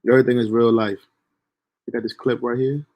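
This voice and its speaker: Casting: young man, casual storyteller, profane and lively, mid-range voice. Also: mid-range voice, brisk. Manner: animated, profane, laughs at own story. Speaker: storyteller streamer.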